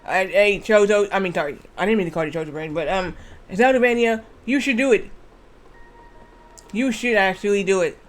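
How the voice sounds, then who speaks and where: Male game streamer, higher-pitched voice, loose rambling delivery, curses casually. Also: moderate pace. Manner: rambling, restarts, swears freely. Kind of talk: casual gameplay commentary.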